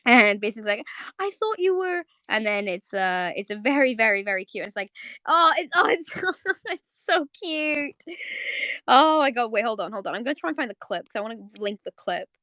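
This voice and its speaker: A woman's voice: a little high, expressive, bright, forceful tone, no room sound. Young woman rambling on a live audio chat, lots of fillers and repeats, dry close sound. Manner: chatty and rambling, many fillers and repeats, quick bursts. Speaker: host of a live audio space. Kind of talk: casual live chat to listeners.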